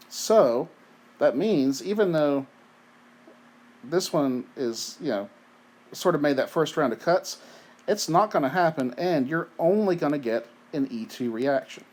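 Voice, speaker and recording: A man giving a recorded chemistry lecture in a conversational way, asking rhetorical questions and often checking in with "right?"; he has the hiccups. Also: on the high side. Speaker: chemistry teacher.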